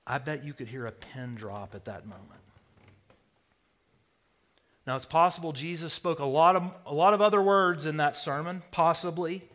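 A man preaching a sermon, swinging between loud declarations and hushed near-whispers. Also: on the high side. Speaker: pastor.

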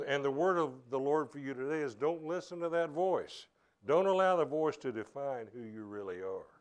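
A man preaching a sermon as pastor at a church service, earnest and conversational, often restarting his phrases. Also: mid-range voice.

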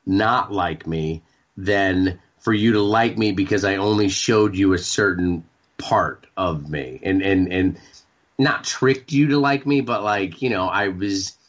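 A man in his forties from Maine, a radio show guest talking candidly, halting and repeating words with many fillers. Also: low-pitched, dull audio. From Maine, United States. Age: 40s. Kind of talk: candid interview talk.

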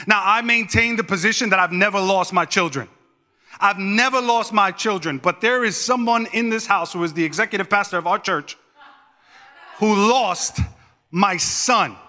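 Male pastor, 30s, lively storyteller. Addresses the congregation directly. High, bright voice with long reverb from a big church hall. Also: normal speed. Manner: animated, conversational, talks straight to the congregation. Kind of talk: storytelling sermon.

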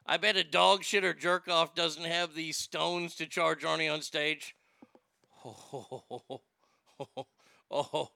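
A man's voice: fairly high pitch, steady tone, slow, vocal fry, sharp tone, clear, resonant tone, no room sound, studio quality. A man hosting a show in casual chat, rambling and profane, with stammering restarts and boastful talk. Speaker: show host.

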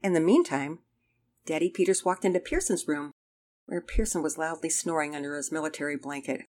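A woman narrating a children's story aloud in an expressive, measured way. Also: sits low, slight background noise.

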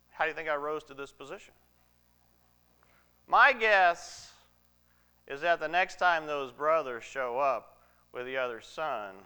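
A man's voice: mid-range voice, clear, resonant tone, full character voice. A man playing Potiphar, a cynical schemer. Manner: musing aloud, swinging between loud and hushed. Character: Potiphar, cynical ambitious Egyptian official, middle-aged man. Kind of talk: theatrical monologue in a church service.

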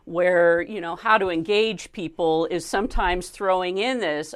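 Woman interviewer, fairly low voice, thoughtful, long questions. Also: normal speed, hardly any pauses, darkish tone. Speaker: interview host. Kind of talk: conversational interview.

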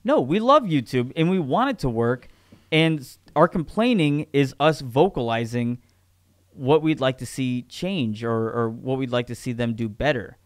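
A man's voice: medium pitch, moderate pace, no echo, clean studio sound. A man co-hosting a podcast in casual chat, ranting with profanity and frequent restarts. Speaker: podcast co-host.

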